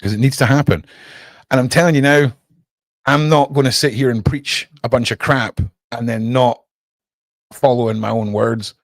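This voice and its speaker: A Scottish man ranting on his live stream, profane and heated, his voice climbing high and loud in bursts. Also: fairly even intonation, normal speed, no room sound, clean studio sound. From Scotland.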